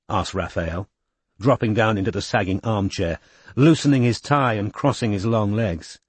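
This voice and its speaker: A man narrating a novel in a measured, expressive way. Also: fairly low pitch, husky, no echo. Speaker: audiobook narrator. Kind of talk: scripted narration.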